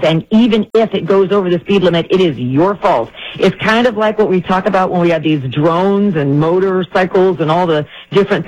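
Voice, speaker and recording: A woman attorney, a guest on a talk radio show, explaining legal points in a measured way, often saying "you know". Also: fairly low pitch, no echo, low-quality recording.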